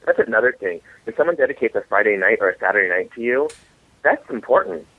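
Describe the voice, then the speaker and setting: A man with a lowish voice tells comic stories with animated energy. He comes through a thin, phone-like line with a dry, close sound. He acts out the other people's lines as he goes. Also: fast talker, dry recording. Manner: animated, comic storyteller acting out quotes. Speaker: author guest. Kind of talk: storytelling interview.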